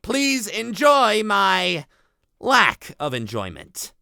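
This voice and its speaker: Bright, high-voiced young man, dry sound. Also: huge pitch swings, very slow, gravelly, clear, resonant tone, dry recording. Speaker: voice actor. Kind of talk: casual vlog talk.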